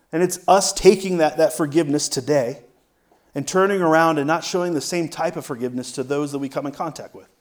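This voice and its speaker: A man, a pastor, preaching a conversational sermon, often asking "right?" and shifting his loudness for emphasis. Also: fairly high pitch, fairly quick.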